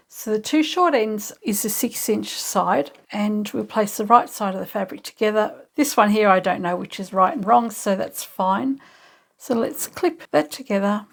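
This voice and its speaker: Gravelly-voiced woman hosting a sewing tutorial. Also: medium pitch. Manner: chatty, thinking aloud step by step. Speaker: sewing channel host.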